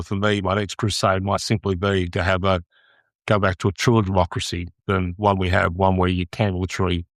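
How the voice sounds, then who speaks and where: A blunt, outspoken man with a lowish voice speaks his mind in a podcast interview. The sound is close and dry, with no room around it. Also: dry recording. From Australia. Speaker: guest, lobbyist.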